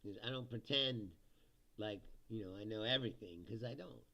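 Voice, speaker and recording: A man's voice: on the low side, moderate pace, vocal fry, pushed and bright. A man hosting a livestream, ranting casually about politics, laughing often and mocking people in put-on voices. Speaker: livestream host.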